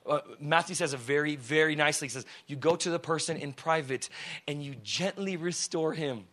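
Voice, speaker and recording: Male preacher, high bright voice, casual and fiery, drops low then bursts loud. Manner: passionate, swings from quiet to shouting; casual, conversational phrasing. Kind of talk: sermon.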